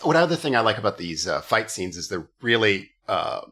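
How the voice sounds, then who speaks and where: A man's voice: fairly low pitch, sing-song, brisk, creaky, sharp tone. A man hosting a comedy podcast, joking and riffing casually, with the odd swear. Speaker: podcast host.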